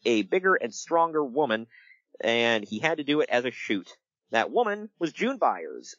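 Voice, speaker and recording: A male podcast host talks casually, his pitch rising and falling in a lively, animated way. The sound is dry and close, a little dull and lo-fi, and he slips into quick voices as he tells a story. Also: no room sound. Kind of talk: casual wrestling podcast chat.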